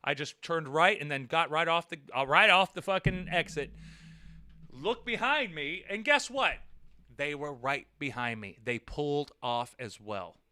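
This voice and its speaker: A man telling a road-rage story in a casual vlog, swearing freely and swinging between muttering and near-shouting. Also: a little high, animated, measured pace, clean tone. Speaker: vlogger.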